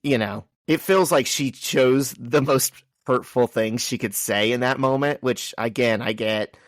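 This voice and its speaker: A man's voice: mid-range voice, measured pace, no room sound. A man co-hosting a casual comic-book podcast, arguing his view of the characters. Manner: argues his point, defending characters. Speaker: podcast co-host.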